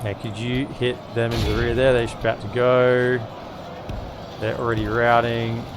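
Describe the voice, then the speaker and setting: A man's voice: mid-range voice, level tone, moderate pace, noisy background. Chatty Australian man streaming a game. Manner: chatty, repeats words, many restarts. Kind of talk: casual gameplay commentary.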